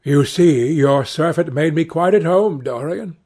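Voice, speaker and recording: A man reading aloud, voicing a grave, earnest gentleman painter who speaks with measured seriousness. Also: a little high, breathy edge.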